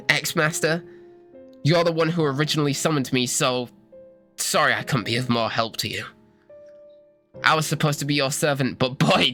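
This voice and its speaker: A streamer voicing a remorseful male warrior servant, reading game dialogue aloud in a lowered, subdued voice. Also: bright, forceful tone, close to an everyday voice.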